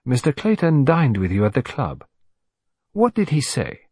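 A man's voice: medium pitch, huge pitch swings, a little mellow, breathy edge, dry recording, heavily acted. A man doing a precise, formal detective. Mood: probing. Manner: measured, formal questioning. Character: polite, precise older male detective.

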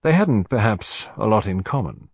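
A man doing a blunt, gruff naval commander. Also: on the low side, big pitch swings, normal speed, no room sound, full character voice. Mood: musing. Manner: blunt and emphatic. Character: bluff middle-aged naval commander, gruff.

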